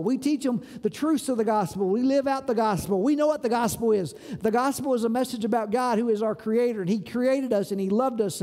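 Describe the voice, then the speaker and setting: A man's voice: very high-pitched, mellow, in a large hall. A man pastor preaching an earnest sermon, asking the congregation rhetorical questions and urging them to listen. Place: church sanctuary.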